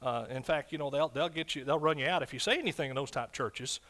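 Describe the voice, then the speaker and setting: A man preaching a fervent sermon as pastor, swinging from loud shouts to quiet, low asides. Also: quick pace.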